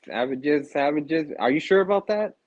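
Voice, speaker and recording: A man's voice: a little high, expressive, moderate pace, no room sound, lo-fi sound. A young man from Minnesota, a podcast co-host, firing back defensive, snappy comebacks in heated sports banter.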